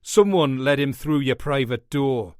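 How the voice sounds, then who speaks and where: A man's voice: medium pitch, unhurried, smooth, dry recording, clean studio sound, lightly acted. A man voicing a brutal, hot-headed police detective who talks harshly and with contempt. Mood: angry.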